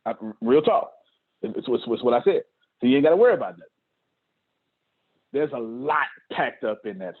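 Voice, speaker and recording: A man's voice: mid-range voice, lively intonation, normal speed, long pauses, breathy edge. A man hosting a motivational talk to his staff on a video call, preachy and repeating his points, often laughing. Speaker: host. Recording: tinny phone-like call audio.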